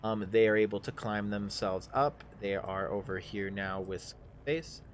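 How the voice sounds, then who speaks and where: A man's voice: lowish voice, measured pace, a little hiss or hum. A man narrating a tabletop game as game master, hesitant with many restarts.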